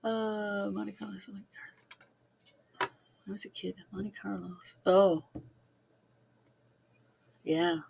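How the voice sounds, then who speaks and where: A woman with a Midwestern American accent, co-hosting a casual chat, playful and quick to laugh. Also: medium pitch, fairly even intonation, vocal fry, noisy background. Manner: playful, laughs a lot, repeats words for fun. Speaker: co-host.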